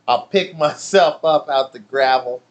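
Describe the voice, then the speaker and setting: A man's voice: mid-range voice, a little slow. A man casually telling a childhood story, swearing freely and laughing as he goes. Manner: profane, laughing, animated storytelling. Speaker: channel host.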